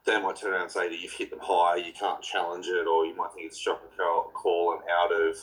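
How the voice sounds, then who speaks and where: A man's voice: low-pitched, completely flat delivery, a little fast, a bit bright, rough recording. A man hosting a podcast, chatting in a blunt, laid-back way with swearing and banter. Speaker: podcast host. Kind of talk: casual podcast chat.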